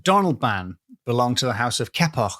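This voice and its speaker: A man's voice: mid-range voice, sing-song, moderate pace, a bit bright, dry recording, clean studio sound. A man with a Scottish accent hosting a podcast, chatting playfully and telling ghost stories. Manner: playful, rambling, sings bits. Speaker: podcast host, storyteller. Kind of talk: casual chat and storytelling.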